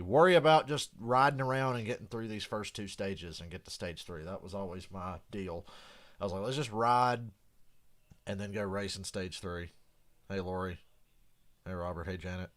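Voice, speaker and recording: A man hosting a casual live reaction stream, rambling in a relaxed way, swearing freely and clearing his throat now and then. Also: sits low, normal speed.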